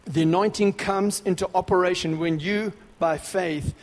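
A man with a notably high voice delivers a sermon of punchy, repetitive exhortation at normal speed, his phrases stacking up as he grows louder and more excited. A big hall's long reverb rings around him.

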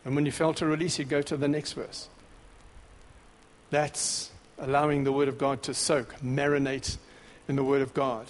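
A man preaching a sermon, exhorting in short emphatic repeated phrases that grow louder and more excited. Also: mid-range voice, normal speed, in a large hall.

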